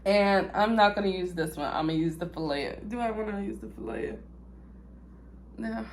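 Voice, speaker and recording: A young woman, vlogging a food review, dramatic and chatty, swinging from loud squeals to low mutters. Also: moderate pace, a little hiss or hum. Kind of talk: casual food-review vlog.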